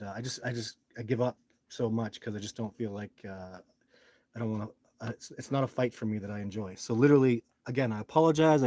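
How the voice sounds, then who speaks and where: A man's voice: mid-range voice, a little mellow. Man, live stream host, frustrated rambling delivery, close phone mic with faint noise. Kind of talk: casual live stream talk.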